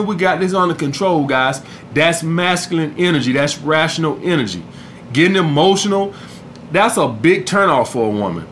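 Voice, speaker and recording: Male host, high and bright, profane straight-talking dating coach. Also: slight background noise. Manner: blunt, profane, repeats "all right, guys". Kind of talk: casual advice monologue.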